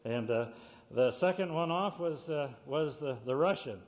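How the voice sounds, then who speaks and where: A man at a public meeting introducing a speaker with a folksy joke, halting with many filler sounds. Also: fairly high pitch, animated. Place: meeting hall. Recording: lo-fi cassette with hall reverb.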